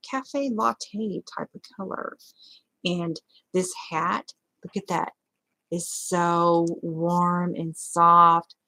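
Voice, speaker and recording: A woman's voice: lowish voice, a bit bright, rough recording. A woman vlogging a crochet tutorial in a casual, rambling way, talking to her viewers as she hunts for her supplies. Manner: chatty, scattered, talks to viewers while searching.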